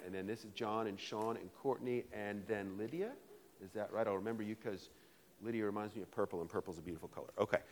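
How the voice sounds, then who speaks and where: A middle-aged man from Virginia, a literature professor who jokes and teases while picking volunteers from an audience. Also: mid-range voice. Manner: fast, joking, teasing. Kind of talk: lively classroom talk to an audience.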